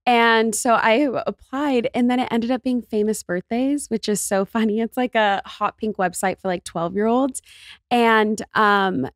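A woman's voice: a little high, measured pace, dry recording, studio quality. A young woman guest on a podcast, chatting casually and filling her talk with lots of "like". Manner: chatty, filler-heavy, lots of "like". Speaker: guest, trend forecaster.

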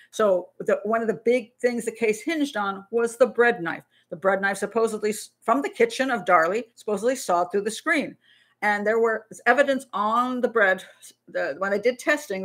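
A middle-aged woman and criminal profiler hosting a live Q&A stream, talking in a blunt, animated way with many restarts. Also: fairly high pitch. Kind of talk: casual live-stream talk.

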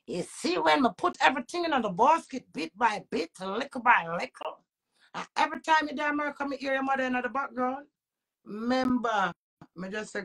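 Woman, Jamaican accent, vlog rant, gravelly fry, somewhat high voice, emphatic and preachy. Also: animated, moderate pace. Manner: emphatic, preachy, swings between loud outbursts and low muttering. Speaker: social media personality. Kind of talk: ranting monologue to camera.

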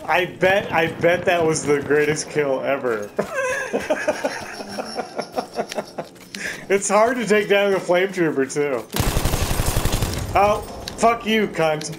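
A man's voice: sits high, wildly swooping pitch, takes it slowly, long pauses, noisy background. A man giving casual, profane gameplay commentary, laughing often and trash-talking his opponents.

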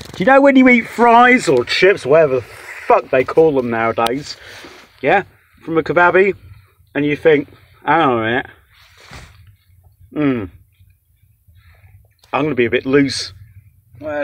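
A young man whose voice is on the high side and a bit bright rants his way through a takeaway food review, swearing constantly and rambling in exasperation. He's a vlogger filming indoors on a phone or camera held close in this casual review.

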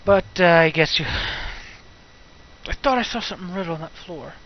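A man's voice: a little high, expressive, measured pace, muffled recording. A young man doing let's play commentary, ranting and muttering to himself in frustration as he swears at the game.

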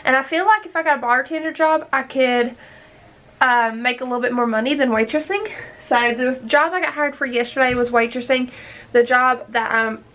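A woman's voice: high voice, normal speed, fairly bright tone. Chatty young woman vlogging at home. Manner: chatty, rambling, upbeat. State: out of breath. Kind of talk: casual vlog chat.

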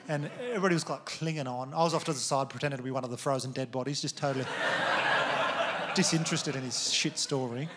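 A man in his thirties with an Australian accent, doing stand-up comedy with crude, exasperated rants and loud outbursts. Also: a little high, background noise. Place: theatre stage before a laughing audience. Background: audience laughter.

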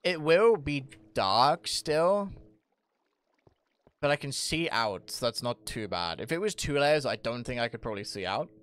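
Young guy streaming, super animated voice going all over the place, swearing and roasting himself. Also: medium pitch, unhurried, clean tone. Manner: jokey, self-mocking, swears a lot, bursts into loud laughs. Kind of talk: casual live-stream chat, reading chat aloud.

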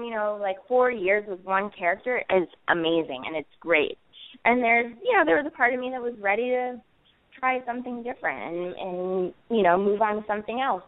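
A woman's voice: medium pitch, dry recording. Chatty woman over a tinny phone line. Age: 30s. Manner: chatty, many fillers and restarts, playful. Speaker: actress guest. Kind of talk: casual interview chat.

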